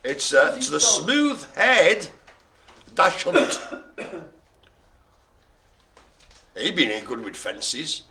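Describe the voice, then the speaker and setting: Lively, bright-voiced man calling bingo. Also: on the high side, drawn-out words, long pauses, a little hiss or hum. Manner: playful, teasing, theatrical asides. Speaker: bingo caller host. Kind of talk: jokey live online bingo calling.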